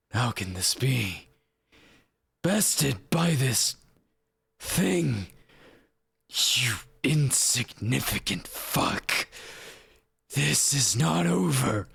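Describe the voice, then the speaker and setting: A man voicing a wrathful, grandiose male angel in a slow, menacing, raspy declamation. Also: mid-range voice, a bit bright, no room sound, pitched above the performer's own voice, exaggerated voice. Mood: enraged. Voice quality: raspy, gravelly. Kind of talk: live-streamed voice acting.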